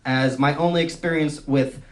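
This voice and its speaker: A young male stand-up comedian from San Francisco, telling self-mocking stories in a wry, deadpan way on a club stage. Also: a little high, normal speed. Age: young adult. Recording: noisy live club recording.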